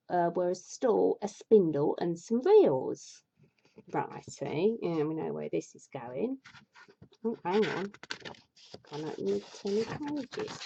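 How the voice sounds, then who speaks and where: A woman's voice: medium pitch, creaky, dark tone, husky. A woman reading a fairy tale aloud, breaking off into exasperated, sweary asides, with a dull lo-fi sound. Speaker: storyteller.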